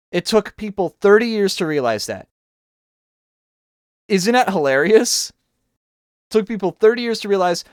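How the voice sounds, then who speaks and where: A man's voice: sits high, animated, normal speed, pauses often, no room sound. Young man, streamer, casual rambling chat, joking, self-mocking, dry close sound. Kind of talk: casual chat while drawing.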